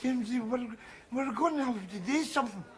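An actor playing a belligerent middle-aged drunk who rants and stammers in a sitcom. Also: male voice, very high voice, moderate pace. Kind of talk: TV sitcom acting.

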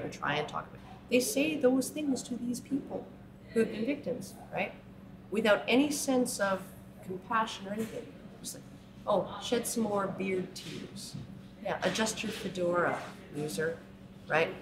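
A woman's voice: mid-range voice, background noise. A woman giving an impassioned talk, often ending points with "right?" and mocking the people she quotes. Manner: frequent "right?" tags, mocking put-on quotes. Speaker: speaker. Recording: echoey room with crowd.

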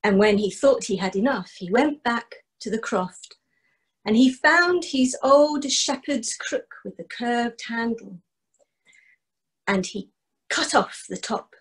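Woman telling folk tales; unhurried, husky, measured rhythm. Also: on the high side, animated, low-quality recording. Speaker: storyteller. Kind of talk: traditional folk storytelling.

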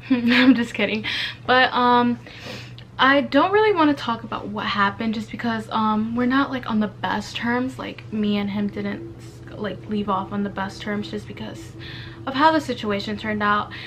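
Speaking at a measured pace in a rather high, slightly bright voice, a young woman vlogger in college shares sincere, casual advice with her audience, leaning on plenty of fillers.

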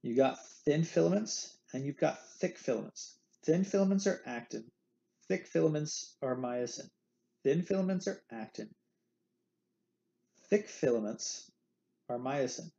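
A man's voice: a little high, animated, unhurried, creaky, dark tone, dull audio, a little hiss or hum. A man teaching an anatomy lecture in a playful way, repeating the key terms. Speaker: anatomy instructor. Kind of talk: recorded lecture.

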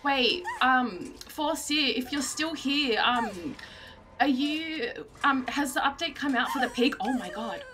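A young woman, streaming herself playing a game and reacting in a panicky, excitable way. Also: high voice, takes it slowly. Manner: excitable, panicky, often shrieking and laughing. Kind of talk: live gameplay commentary.

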